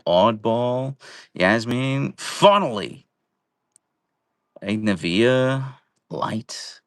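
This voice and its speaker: A man's voice: low-pitched, vocal fry, a bit bright, dry recording, studio quality. A young man hosting a casual live stream from home, chatting playfully and greeting viewers by name. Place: at home, indoors.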